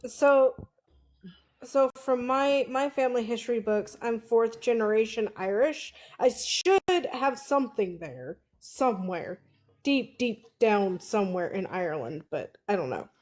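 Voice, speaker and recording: A woman's voice: on the high side, lively intonation, unhurried, a little mellow. A woman chatting casually and playfully on a live stream. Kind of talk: casual chat.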